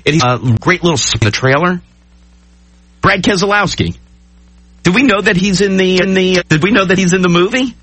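A man hosting a morning radio show, chatting excitably and rambling with many restarts. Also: sits high, moderate pace, pauses often, slightly rough, no echo. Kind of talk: casual on-air banter. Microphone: studio mic.

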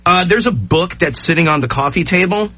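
Podcast host guy, high bright voice, bouncy, chill chat. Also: expressive, a little fast, husky. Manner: short encouraging replies, easy laughter.

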